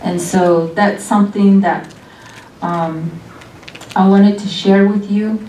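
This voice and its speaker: A middle-aged woman giving a college guest lecture on weaving, speaking earnestly and reflectively with pauses. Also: mid-range voice, fairly even intonation, mellow. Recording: echoey room, distant mic, faint noise.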